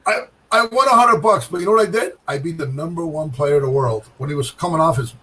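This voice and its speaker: A middle-aged man telling a bowling story in casual chat, animated, with sound effects and repeated phrases. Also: fairly high pitch, quick pace, recorded from a distance, a crowd in the background, poor audio. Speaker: guest pro bowler.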